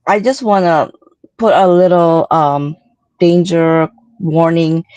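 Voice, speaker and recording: Unhurried woman panelist, lowish voice, measured cautionary tone. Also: a little mellow, dry recording. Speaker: guest panelist. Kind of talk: casual livestream chat.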